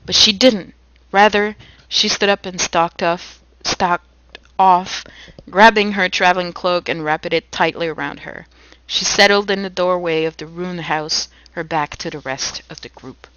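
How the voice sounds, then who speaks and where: A woman's voice: fairly low pitch, fairly even intonation, unhurried, fairly bright tone, no echo, lo-fi sound. A woman co-hosting a podcast, reading a novel aloud in a casual way with acted quotes and jokey asides. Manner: reads with acted quotes, breaks off laughing.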